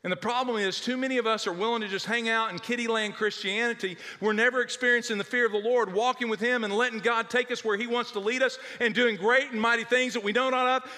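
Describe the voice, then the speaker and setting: Bright animated male preacher. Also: extremely high pitch, in a large hall. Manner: animated, dramatic storytelling. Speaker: pastor. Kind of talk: storytelling sermon.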